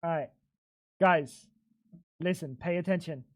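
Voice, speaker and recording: A man's voice: fairly high pitch, measured pace. A male livestreamer chatting to his viewers while he plays. He rambles and gets worked up, swearing freely as he goes. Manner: excitable, swearing, rambling talk to chat. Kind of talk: casual gaming stream chatter.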